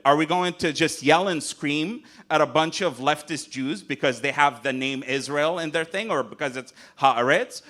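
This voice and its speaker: A man's voice: on the high side, bright, forceful tone. A man from Gaza speaking as a conference panelist, emphatic and urgent, repeating phrases to drive his points home. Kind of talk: impassioned panel remarks. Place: conference hall.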